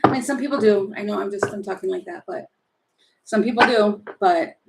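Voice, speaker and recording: A woman's voice: mid-range voice, brisk, creaky, very noisy. A woman doing a casual live tarot reading, chatty and opinionated, rambling with many fillers and asides. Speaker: tarot reader.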